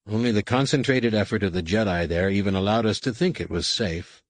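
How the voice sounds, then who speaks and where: Weary Jedi master, read by a man, quiet, measured, low voice, dry close sound. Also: no room sound, lightly acted. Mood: grave.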